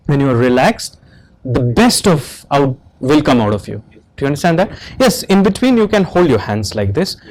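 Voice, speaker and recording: A man's voice: fairly high pitch, a little mellow, low-quality recording. Instructive man with an Indian English accent. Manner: instructive, repeatedly asks "Do you understand that?". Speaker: interview board member giving feedback. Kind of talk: mock interview feedback.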